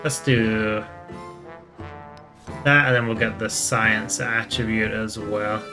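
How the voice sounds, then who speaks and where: A man hosting a gaming channel, reading game text aloud in an even, matter-of-fact way with casual asides while he plays. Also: on the low side, slow, over music.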